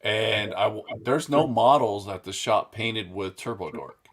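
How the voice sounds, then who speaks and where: A man with a low voice chats casually as co-host of a hobby show. He sounds upbeat and keen and laughs often. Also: a little slow, fairly bright tone. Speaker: co-host of a model car customizing show. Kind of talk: casual chat.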